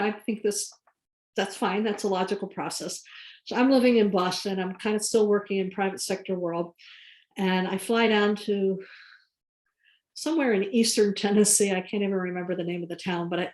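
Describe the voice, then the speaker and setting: A woman guest speaker telling lively anecdotes about her career, laughing now and then. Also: mid-range voice. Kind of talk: career story told to an audience. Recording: echoey room.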